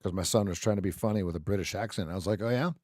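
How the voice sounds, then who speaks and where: A man's voice: low voice, very fast, dry recording, studio quality. A middle-aged man hosting a live trading stream, chatting casually and joking between calls on trades. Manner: chatty, jokey, excitable over trades.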